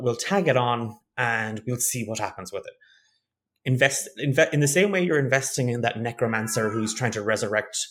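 A man with a mid-range, slightly bright voice chats casually on a podcast as a game master. He often restarts his sentences, repeats words, and laughs easily.

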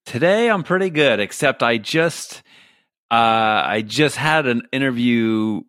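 Wry, bright-voiced man from New York. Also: mid-range voice, lively intonation, measured pace, no room sound, studio quality. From New York City. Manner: wry, joking, laughs often. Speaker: podcast guest, author. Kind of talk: casual interview chat. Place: home in Los Angeles.

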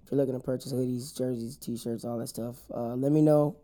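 A man's voice: mid-range voice, fairly even intonation, brisk, dark tone. A man hosting a podcast, chatting casually and joking through laid-back stories. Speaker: podcast host. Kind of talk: casual interview chat.

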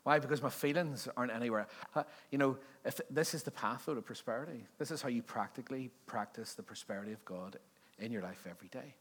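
A man's voice: medium pitch, fast talker, fairly bright tone, slightly rough. Man, pastor, sermon, chatty and joking, asks the congregation questions. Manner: conversational, joking, quizzing the congregation. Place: church service before a congregation.

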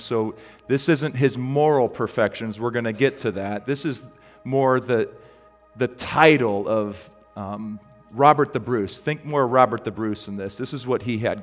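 A man preaching a sermon as a pastor, telling a story in a relaxed, conversational way with frequent ums and restarts. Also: medium pitch, big-room sound.

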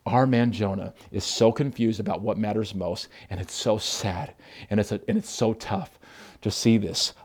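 A male pastor preaching an impassioned sermon, swinging between emphatic exhortation and hushed reflection. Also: lowish voice, normal speed, slightly rough.

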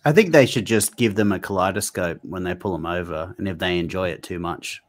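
Casual male host, lowish voice, blunt questions with joking asides. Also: brisk. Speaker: podcast host. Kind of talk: casual interview.

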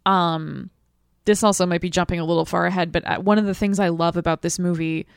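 A woman's voice: fairly low pitch, fairly even intonation, a little fast, gravelly, clean tone, no room sound, studio quality. A woman talking casually about a movie as a podcast co-host, chatty and full of "like" fillers. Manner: chatty, filler-heavy with frequent "like".

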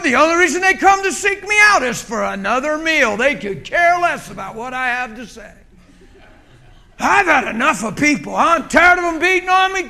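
A preacher putting on a fed-up Jesus figure who rants at full volume in a voice pushed well above his usual. The tone is bright and sharp, almost shrill, with every complaint flung out. He sounds worn out with people. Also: full character voice. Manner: shouting, exasperated complaining. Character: fed-up adult male Jesus ranting about ungrateful people.

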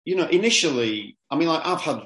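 Brief: middle-aged male comic, lively chat with restarts, roomy echo. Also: a little high, brisk. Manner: animated, repeats words when starting sentences. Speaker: comedian guest. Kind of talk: casual interview chat.

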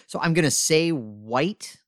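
A man co-hosting a casual trivia chat, relaxed and self-mocking, reading questions out slowly while drinking beer. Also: fairly high pitch, no room sound, clean studio sound. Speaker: podcast co-host playing trivia.

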